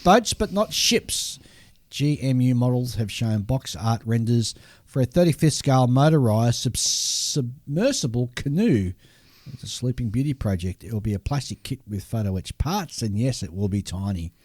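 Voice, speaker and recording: A man's voice: mid-range voice, animated, moderate pace, dark tone, no echo. A man co-hosting a casual hobby podcast, reading a list of new model kits and tripping over foreign names with a laugh.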